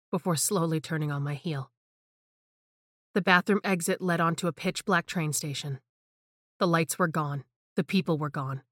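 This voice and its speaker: A woman reading a scripted horror story in a hushed, tense way. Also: lowish voice, no echo, clean studio sound. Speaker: narrator.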